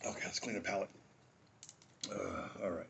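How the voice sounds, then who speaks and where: A man with a fairly low voice hosts a relaxed tasting review. He wanders off on asides and cracks jokes as he goes. A faint hum of noise sits under his voice. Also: moderate pace, creaky. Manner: rambling and jokey, with asides and chuckles. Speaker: host of a drinks review show.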